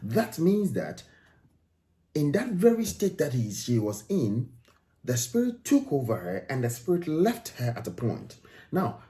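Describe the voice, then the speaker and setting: A man's voice: a little high, warm tone. A man from Ghana, giving emphatic commentary on video clips and repeating phrases for stress.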